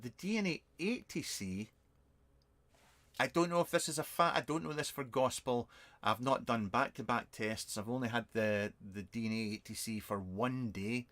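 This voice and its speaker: A British man past fifty chats loosely into a webcam during a live stream. He rambles and stops himself a lot, mixing dry sarcasm with quick apologies. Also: medium pitch, fairly bright tone. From Britain. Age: over 50. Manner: rambling, self-mocking and sarcastic, many fillers. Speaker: vape reviewer and channel host. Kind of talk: casual live-stream chat answering viewer questions. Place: home shed.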